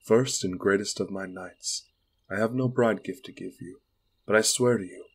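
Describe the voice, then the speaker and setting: A man reading a resolute young queen, husky. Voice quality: low and husky. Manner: measured, solemn declarations.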